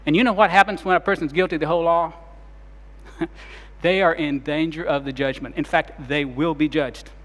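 A man preaching a sermon in a church, his voice sitting a little high and carrying a long reverb around it. He moves from loud, urgent passages to soft, hushed ones as he retells scenes. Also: steady tone, a little fast. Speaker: pastor.

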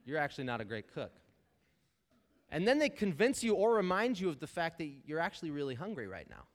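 Talking straight to the listeners and calling them "you guys," a man preaches a sermon in an emphatic, conversational way. His fairly high voice is very animated and brisk, with long hall reverb.

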